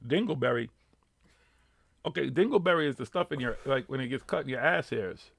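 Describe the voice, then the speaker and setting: Brief: Boston man, radio host, gravelly, dry close sound, salty and animated. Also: medium pitch, fairly quick, no room sound. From Boston area. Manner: profane, animated, laughing often. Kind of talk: casual live radio chat, reading the chat.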